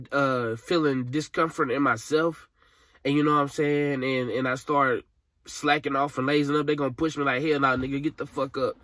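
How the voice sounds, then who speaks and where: Young dude from venting, teary, cussing, rambling, mid voice, dry sound. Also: male voice, mid-range voice, a bit bright, dry recording. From Alabama, USA. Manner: frustrated, rambling, profane, slangy. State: tearful. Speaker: vlogger. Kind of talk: emotional vent to camera.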